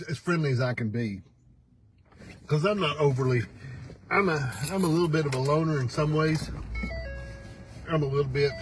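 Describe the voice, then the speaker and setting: An older man hosts a casual morning livestream from a pickup truck, his medium-pitched voice folksy and teasing as he laughs often. The recording quality is low.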